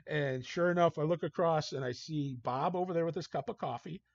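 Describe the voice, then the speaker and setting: Gravelly guy, kinda husky, telling old coaching stories, dull dry lo-fi sound. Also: a little high, brisk, dry recording. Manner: animated storyteller, acts out quotes. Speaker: guest, hockey coach. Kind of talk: casual anecdote telling.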